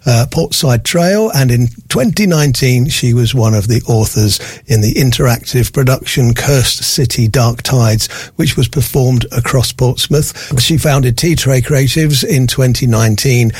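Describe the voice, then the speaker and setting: A man's voice: medium pitch, unhurried, few pauses, a little mellow, husky, dry recording, studio quality. A man presenting a radio interview, introducing his guest and asking friendly, casual questions.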